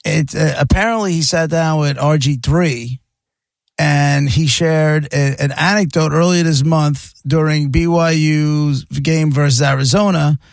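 A man's voice: a little high, fairly even intonation, unhurried, vocal fry, dry recording. A man hosting a radio show, chatting loosely and telling a story with jokes. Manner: loose, joking, rambling storyteller. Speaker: radio host. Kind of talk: casual sports radio banter.

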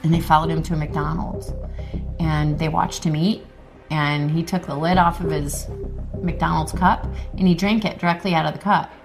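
A woman's voice: low-pitched, steady tone, moderate pace, creaky, over music. A woman police detective telling her story in an interview, plainspoken and emotional. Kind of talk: interview recounting.

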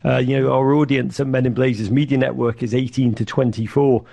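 A middle-aged man giving an animated interview, full of restarts and acted-out quotes. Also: medium pitch, brisk, gravelly, husky. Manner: animated, acts out quoted voices, many restarts. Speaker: podcast network founder, guest. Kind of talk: conversational interview storytelling.

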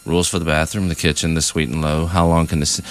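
A man doing a rambling, self-mocking stand-up bit on a radio show, slipping into quick mimicked voices. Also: rumbling low, level tone. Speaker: stand-up comedian. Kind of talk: stand-up comedy set.

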